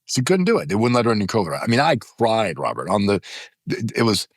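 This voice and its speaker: Guest voice: man in his fifties, lively pitch, dry close studio sound, emphatic storyteller. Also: fairly quick, dry recording. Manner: emphatic, dramatizes stories with quoted voices. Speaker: podcast guest. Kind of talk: animated storytelling in conversation. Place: podcast studio.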